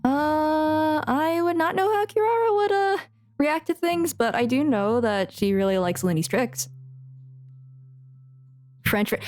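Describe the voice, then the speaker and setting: A woman's voice: high voice, darkish tone. A young woman streamer and voice actress chatting casually while playing a game, giggly and flustered, rambling. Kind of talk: casual live gameplay chat.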